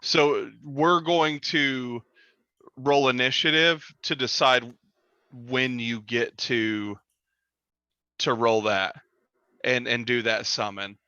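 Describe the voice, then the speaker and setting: A man's voice: mid-range voice, fairly even intonation, slow, pauses often, sharp tone, smooth, no room sound, muffled recording. A man running a tabletop game as dungeon master, rambling and correcting himself as he describes scenes. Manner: rambling, self-correcting, laughs easily.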